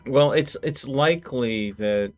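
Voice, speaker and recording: A man playing in a tabletop role-playing game, thinking out loud and explaining his reasoning at length. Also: mid-range voice, slow pace, soft background music. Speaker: player. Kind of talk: casual tabletop game chat.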